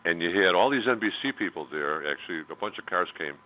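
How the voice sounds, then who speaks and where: A man's voice: deep voice, lively intonation, quick pace. A man telling a personal story as a radio interview guest, in a candid, blunt way with many fillers and restarts. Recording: tinny phone line.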